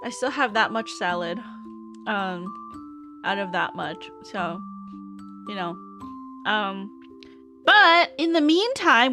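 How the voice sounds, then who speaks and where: A woman's voice: medium pitch, animated, takes it slowly, pauses often, pushed and bright, soft background music. A woman streamer in casual chat with her viewers, talking while she eats. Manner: chatty, talks while eating.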